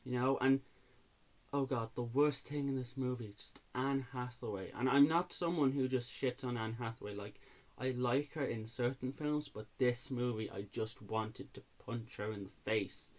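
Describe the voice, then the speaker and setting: A man's voice: medium pitch, normal speed. A man reviewing films in an exasperated, sarcastic rant, swearing freely. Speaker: movie reviewer. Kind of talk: ranting movie review.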